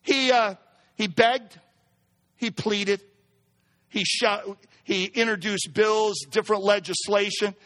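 A pastor preaching a sermon, building to emphatic near-shouts as he drives his points home. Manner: reads a poem in a hushed lower voice.

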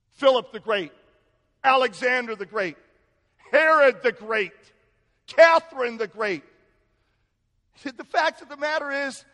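A male pastor preaching in a church, telling a family story with lively, animated delivery. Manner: storytelling, animated, acts out family quotes with rising pitch. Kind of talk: sermon. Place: church sanctuary. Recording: echoey hall with long reverb.

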